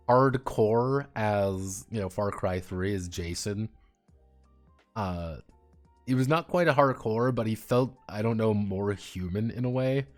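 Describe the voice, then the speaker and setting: A man streaming and chatting casually about games, rambling and swearing freely. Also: on the low side. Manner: rambling, profane, animated. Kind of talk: casual livestream chat.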